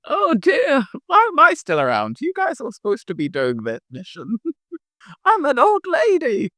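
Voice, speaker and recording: A man voicing Mrs. Claus as a bossy old woman in a high falsetto, in an improvised bedtime story. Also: wildly swooping pitch, a little slow, sharp tone, dry recording, clean studio sound, full character voice. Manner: high shrill falsetto, exaggerated.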